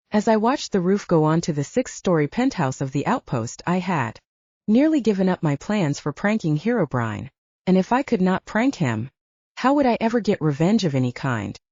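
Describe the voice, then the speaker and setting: A woman narrating a first-person audiobook in an animated storytelling manner. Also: lowish voice, no echo. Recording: dull lo-fi dry recording.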